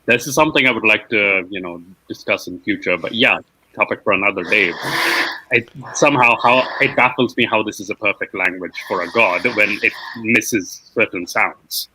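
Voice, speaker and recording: Bright-voiced man reading chat comments. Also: fairly low pitch, normal speed, breathy edge, low-quality recording. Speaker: co-host reading viewer comments. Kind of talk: casual live-stream chat.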